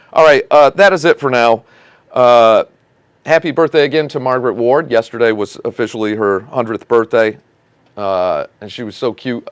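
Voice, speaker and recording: A man's voice: mid-range voice, clean tone, dry recording. A man hosting a casual local politics show, ranting with sarcasm and indignation about his city council. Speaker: host of a local commentary show.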